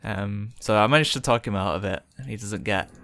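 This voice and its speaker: A man's voice: lowish voice, a little fast, sharp tone, no echo. A young man telling a rambling, chatty story with lots of fillers while streaming a game. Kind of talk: casual storytelling while gaming.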